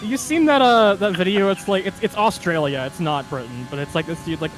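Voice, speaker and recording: High, lively joking gamer guy. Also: faint music behind. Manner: joking, swearing, quick to laugh. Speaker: fellow racer on stream. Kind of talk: casual gaming chat.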